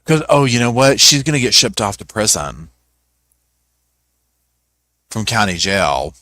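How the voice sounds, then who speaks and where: A man's voice: lowish voice, sing-song, measured pace, pushed and bright, dry recording, studio quality. A man hosting a casual live stream, mocking people with funny voices and cheerfully greeting viewers by name. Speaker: host. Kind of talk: live stream commentary with chat. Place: at home.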